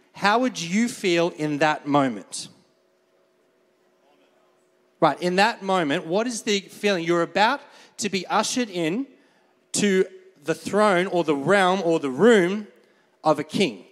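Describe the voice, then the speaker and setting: A man's voice: high-pitched, expressive, measured pace. A man preaching a conversational sermon, calling for amens and laughing often as he brings a volunteer on stage. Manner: conversational, asks the crowd for amens. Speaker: pastor. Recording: long reverb of a large hall.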